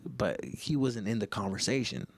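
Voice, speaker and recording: A man's voice: lowish voice, normal speed, creaky, no room sound. A man in his thirties hosting a podcast and casually telling a story, loose and heavy on profanity. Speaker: podcast host.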